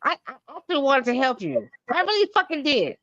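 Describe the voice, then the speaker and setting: A woman's voice: high voice, wildly swooping pitch, brisk, fairly bright tone, no room sound. A woman swearing and scolding in exasperation during a heated argument on a live stream. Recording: dull lo-fi audio.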